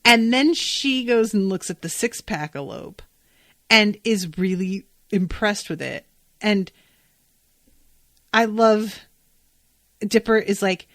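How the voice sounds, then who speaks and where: A woman's voice: mid-range voice, slow pace, long pauses, fairly bright tone, no echo. A woman hosting a podcast, casually recapping a cartoon episode, chatty and swearing freely as she acts out the characters' lines. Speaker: podcast host.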